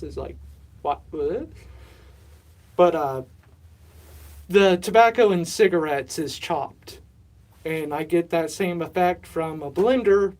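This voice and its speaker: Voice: mid-range voice, darkish tone. A livestream host chatting casually with viewers, rambling and poking fun at themself while working on a home mushroom setup. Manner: rambling, chatty, self-mocking, talks to chat.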